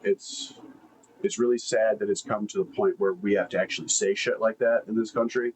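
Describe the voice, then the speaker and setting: A man's voice: fairly low pitch, steady tone, normal speed, slight background noise, rough recording. A man hosting casual reaction commentary, blunt, laid-back and profane.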